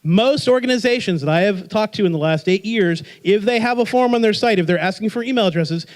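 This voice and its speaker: High-voiced, lively male workshop presenter. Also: brisk. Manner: energetic, joking, quizzes the audience with rhetorical questions. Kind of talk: live presentation to an audience.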